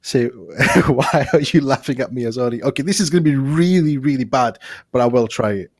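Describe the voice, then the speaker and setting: A man's voice: mid-range voice, expressive, fairly quick, dry recording, clean studio sound. Joking man co-hosting a podcast. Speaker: podcast co-host. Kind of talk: casual advice podcast chat. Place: studio.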